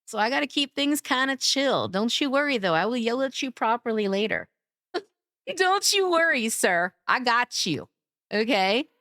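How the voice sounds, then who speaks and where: A young woman chats live on stream in a bubbly, cutesy way, slipping into baby talk as she greets her viewers. Her voice sits high and she takes her time. The sound is close and dry, with no room echo. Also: sing-song, a little slow, a bit bright. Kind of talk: casual live-stream chat.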